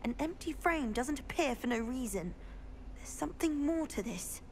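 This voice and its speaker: An actress playing an inquisitive young female student in a video game, speaking in a chatty, brisk way. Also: sits high, lively intonation, a little hiss or hum. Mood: curious. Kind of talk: video game character dialogue.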